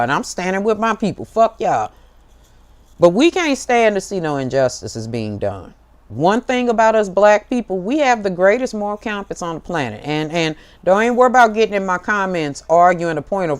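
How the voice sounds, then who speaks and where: A woman's voice: mid-range voice, expressive, normal speed, smooth. Fiery, profane American woman preaching. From United States. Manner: fiery, profane, preachy, calls listeners baby. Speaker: tarot show host. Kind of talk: impassioned direct-to-camera monologue.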